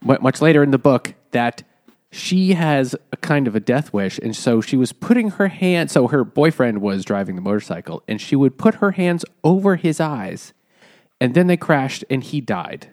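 A man's voice: mid-range voice, very animated, moderate pace, a little mellow. A man in a casual book chat, retelling scenes with frequent chuckles.

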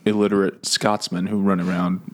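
A man hosting a casual book-chat podcast over beers, sarcastic, acting out characters' lines in quick bits. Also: low-pitched, little pitch movement. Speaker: podcast host.

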